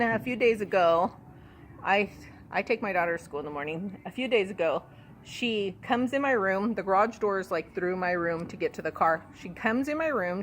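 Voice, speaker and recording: A woman's voice: mid-range voice, a little hiss or hum. A woman hosting a casual chat about parenting, telling stories bluntly, with frequent laughter and salty language. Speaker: host, mother.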